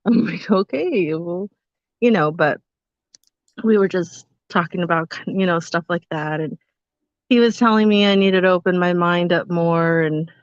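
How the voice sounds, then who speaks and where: A woman's voice: on the low side, dry recording. A woman co-hosting a casual podcast, telling a story about her day in a chatty, teasing way. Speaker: podcast co-host. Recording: slightly muffled, dry sound.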